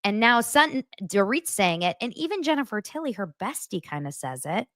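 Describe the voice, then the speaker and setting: The host of a casual gossip podcast breaks down reality TV in a medium-pitched, fairly quick voice. Animated and blunt, she swears freely and performs quotes in character voices. It's a studio-quality recording with no echo.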